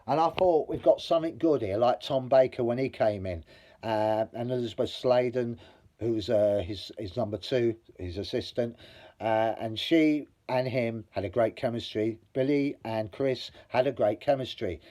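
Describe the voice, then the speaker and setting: A man's voice: medium pitch, moderate pace, warm tone. A man giving a blunt, rambling review monologue as a vlogger. He swears freely and grows heated as he goes.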